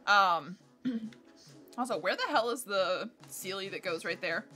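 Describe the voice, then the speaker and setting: A woman's voice: medium pitch, animated, unhurried, sharp tone, faint music behind. A woman livestreaming a game in casual chat, scattered and swearing as she talks to herself and to the game.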